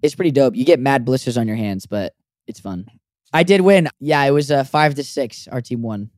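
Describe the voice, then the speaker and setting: A man's voice: mid-range voice, lively intonation, moderate pace, darkish tone, no echo, clean studio sound. A young man co-hosting a casual chat, laid-back and slangy. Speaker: podcast co-host.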